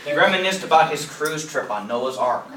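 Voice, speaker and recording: A young man does stand-up at an open mic night, his voice sitting a bit high for a man. He rambles and pokes fun at himself, chuckling at his own lines. The sound is roomy and echoey, picked up from some distance off the mic. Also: expressive, a little fast, crowd noise. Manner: rambling, self-mocking, laughs at own jokes. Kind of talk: stand-up comedy. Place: small room at an open mic.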